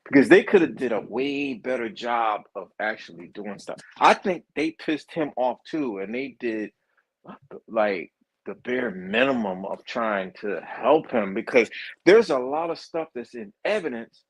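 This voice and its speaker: A man, chatting casually as co-host in an animated, profane, mocking way. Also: mid-range voice, measured pace, gravelly, breathy edge, low-quality recording. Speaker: co-host reacting to trial footage. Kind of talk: casual chat.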